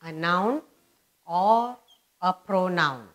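Lady teaching grammar to beginners, super slow, says everything twice. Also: on the low side, animated, fairly bright tone. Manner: repeats words and phrases slowly for emphasis.

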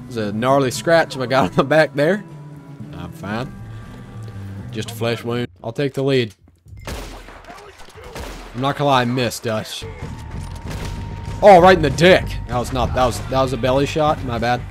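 Young man, gameplay commentary, swearing constantly, excitable trash talk, middle-pitched voice. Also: measured pace, pauses often, faint music behind. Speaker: gaming streamer.

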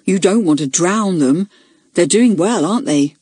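A woman reading the part of a calm, kindly older schoolboy who gardens, speaking steadily and gently. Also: lowish voice, normal speed, husky, dry recording, studio quality.

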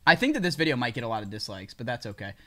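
A man vlogging in a casual, slangy way, reacting with excitement to what he plays. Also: mid-range voice, very fast. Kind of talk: casual vlog chat.

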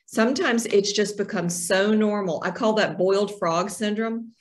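A woman talking as a podcast guest in a relaxed conversational way. She tells stories with lively energy and slips into voices for the people she quotes. Her pitch sits in a middle range. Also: moderate pace. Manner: animated storyteller, acts out quoted voices. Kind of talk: casual conversational interview.

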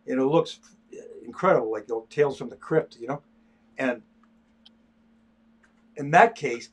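Husky older man rambling while sketching. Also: mid-range voice. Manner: rambling, stop-start with repeated words. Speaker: artist demonstrating sketching. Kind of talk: casual livestream chat while drawing.

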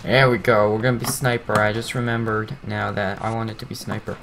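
A young man giving casual, rambling commentary over his own gameplay, teasing himself and breaking into excited outbursts. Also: lowish voice, a little fast, gravelly, noisy background.

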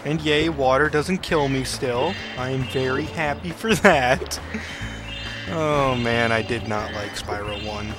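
A man's voice: medium pitch, a little slow. A young man casually commentating a video game playthrough, cracking goofy jokes to his viewers. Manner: goofy, joking asides to the viewer. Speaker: let's play host. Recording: game music playing underneath.

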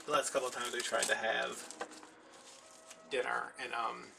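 A man's voice: medium pitch, level tone, normal speed. Chatty man rambling while crafting. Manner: chatty, rambling, many fillers. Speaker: craft vlogger. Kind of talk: casual storytelling while crafting. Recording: mic at a distance with clear background music.

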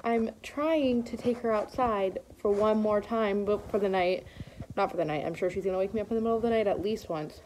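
A woman's voice: medium pitch, brisk, a little mellow, a little hiss or hum. A woman hosting a casual vlog from home. She chats, giggles and talks to her puppy. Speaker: vlogger host. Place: home bedroom, indoors.

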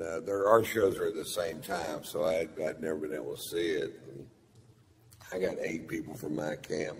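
A man performing a profane stand-up comedy routine, telling a drawling story and punching lines loudly. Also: rumbling low, vocal fry. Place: large theater stage. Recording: large theater with long reverb and audience noise.

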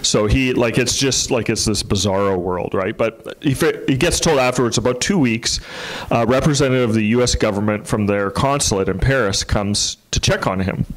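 A man's voice: medium pitch, normal speed, low-quality recording. A man, a pastor telling a story in a sermon in a casual, rambling way with many fillers and restarts.

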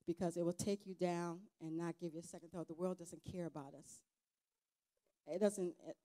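A woman with a fairly low, dark-toned voice speaks as a guest at a church event. She gives an informal testimony sermon, earnest and halting, with a conversational feel and many restarts.

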